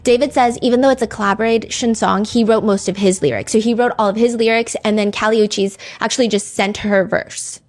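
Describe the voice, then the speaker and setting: A woman's voice: fairly high pitch, steady tone, brisk, hardly any pauses, a little mellow. A woman hosting a true crime show in a casual, chatty way, reading song lyrics and comments aloud with many "like" fillers.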